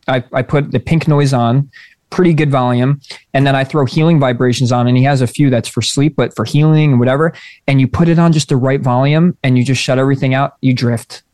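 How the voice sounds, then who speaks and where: A man's voice: medium pitch, steady tone, fairly quick, darkish tone, dry recording, studio quality. A man co-hosting a podcast, chatting casually in a rambling way with many restarts and casual swearing. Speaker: podcast co-host. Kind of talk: casual chat.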